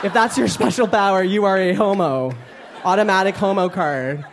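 A man's voice: sits high, moderate pace, a faint crowd. A man performing a stand-up comedy set on stage, self-mocking and playful, often laughing through his lines. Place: comedy club stage before a live audience. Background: audience laughter and room noise.

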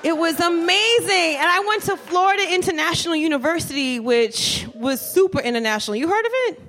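A woman's voice: high-pitched, a little fast. Brash profane woman doing stand-up. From New Jersey, USA. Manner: brash, profane, animated storytelling. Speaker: stand-up comedian. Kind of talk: stand-up comedy set. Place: comedy club stage with live audience.

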